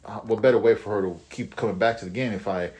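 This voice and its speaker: A man's voice: on the low side, quick pace, darkish tone. A man co-hosting a casual podcast, rambling and profane with many restarts. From Mexico. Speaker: podcast co-host. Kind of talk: casual chat.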